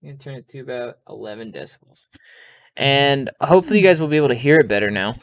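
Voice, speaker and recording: A man playing a video game, reading its texts aloud and reacting in a quick, jumpy way. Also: mid-range voice, creaky, a little hiss or hum. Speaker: let's play gamer. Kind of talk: casual game commentary.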